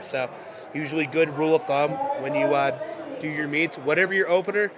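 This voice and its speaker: A man with a congested voice commenting live on a powerlifting meet, with relaxed, self-correcting play-by-play and dry asides. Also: fairly high pitch, noisy background. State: congested from a cold.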